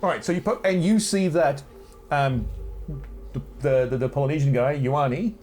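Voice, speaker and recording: A man running a tabletop game, talking haltingly with many restarts. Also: on the high side, a little mellow, faint music behind. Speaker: game master.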